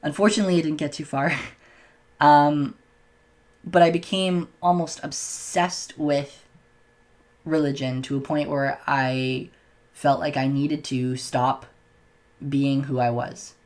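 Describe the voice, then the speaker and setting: A young man with a fairly high voice and steady tone speaks slowly to the camera in a casual vlog, pausing often. He tells personal stories openly but seems a little self-conscious, frequently stumbling and restarting his words.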